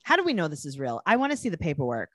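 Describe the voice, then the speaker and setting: Co-host: woman, teasing and playful, lively pitch, dry close sound. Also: rapid-fire, no echo. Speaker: podcast co-host. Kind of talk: casual podcast chat.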